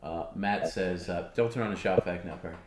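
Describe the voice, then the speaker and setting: A man's voice: deep voice, fairly quick, reverberant. A man co-hosting a casual livestream, reading viewer comments aloud in a loose, rambling way. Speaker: stream co-host.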